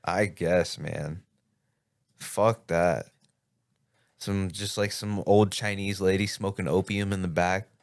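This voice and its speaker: Guest: young guy, very deep voice, dry close sound, laid-back and offhand. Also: steady tone, slow, long pauses, no room sound. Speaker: podcast guest. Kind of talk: casual chat.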